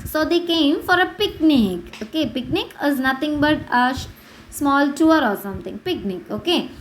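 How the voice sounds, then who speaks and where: High-voiced Indian English woman teaching slowly. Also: animated, a bit bright, a little hiss or hum. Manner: slow, repetitive, spells out words. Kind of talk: online English lesson for children.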